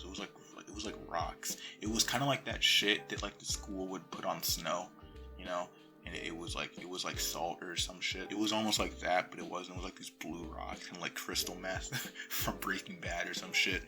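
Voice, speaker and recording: Young guy telling a story into his phone, kinda low voice but punchy, swears a lot, goes quiet and whispery sometimes. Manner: profane, animated retelling that drops to murmurs and whispers. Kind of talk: casual story time.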